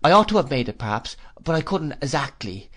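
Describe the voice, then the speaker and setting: A motherly servant woman, kindly and flustered, her speech soft, faltering and short of breath, as a man reading a storybook puts her on. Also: fairly high pitch, very animated, fairly quick, pitched above the performer's own voice. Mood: breathless. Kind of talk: audiobook character voice.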